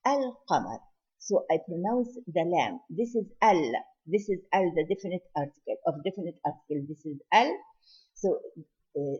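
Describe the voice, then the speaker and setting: Patient woman teacher, husky and muffled. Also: mid-range voice, a little mellow. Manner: patient, repeats each point. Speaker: Quran recitation teacher. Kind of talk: slow explanatory lesson. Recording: dull lo-fi home recording.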